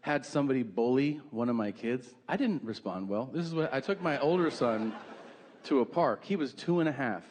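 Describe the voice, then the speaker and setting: Profane stand-up comic in a club. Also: male voice, mid-range voice, moderate pace, darkish tone. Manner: profane, exaggerated storytelling with acted-out quotes. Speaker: stand-up comedian. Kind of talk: stand-up comedy set. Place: comedy club stage with live audience. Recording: live club recording with crowd noise.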